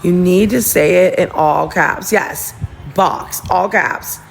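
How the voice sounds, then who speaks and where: Giggly gossiping woman with a gravelly edge. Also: fairly low pitch, slow pace, faint music behind. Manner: chatty, giggly, gossipy, rambling with restarts. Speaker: livestream host. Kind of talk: casual livestream chat to viewers. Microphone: phone.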